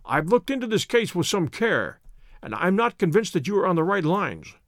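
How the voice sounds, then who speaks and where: A man voicing a keen, brisk male detective, speaking in a crisp, earnest, measured way. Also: high voice, very animated, a bit bright, dry recording, clean studio sound. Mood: earnest, wary.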